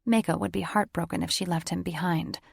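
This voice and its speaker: A woman narrates a paranormal romance audiobook in a steady storytelling voice. Her tone sits low with a gravelly, creaky texture. The recording is dry and close, with no room sound. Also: a little fast, no room sound. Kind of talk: scripted narration.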